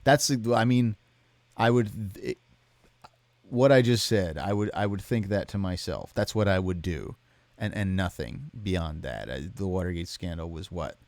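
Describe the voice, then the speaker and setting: A tired man live-streaming, reading out chat messages and answering them in a deadpan, rambling way. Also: low-pitched, unhurried, dry recording. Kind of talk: casual chat.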